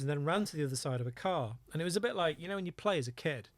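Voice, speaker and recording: A man's voice: a little high, racing, dry recording. A middle-aged man, a former undercover police officer, telling vivid anecdotes as a podcast guest and laughing at his own stories. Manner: lively anecdotal storytelling, laughs at own story. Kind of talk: storytelling in a podcast interview.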